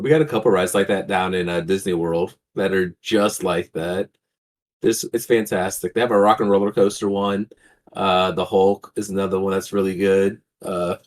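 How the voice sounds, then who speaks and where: A man co-hosting a podcast in a relaxed, enthusiastic casual chat. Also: low voice, normal speed. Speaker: podcast co-host.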